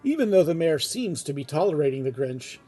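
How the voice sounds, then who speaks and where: A man reads a script aloud at home in an easygoing, chatty way, dropping in casual remarks between passages. His voice is a touch high yet mellow and dark, with a husky edge, and faint music plays behind him. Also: a little fast. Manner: relaxed, chatty reading with asides. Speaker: reader of a fan script. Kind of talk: casual read-aloud narration.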